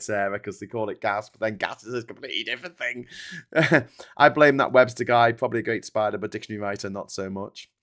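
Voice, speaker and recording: Swearing, ranting British man streaming live. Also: mid-range voice. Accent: British English. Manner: ranting and swearing, animated, with frequent restarts. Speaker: livestream host. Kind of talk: casual live-stream chat reading viewer comments.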